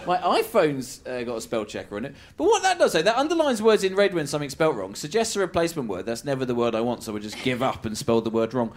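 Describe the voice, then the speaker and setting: A man doing a stand-up routine, animated and self-mocking with deadpan asides. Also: mid-range voice, fast talker, hardly any pauses, slight background noise. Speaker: stand-up comedian.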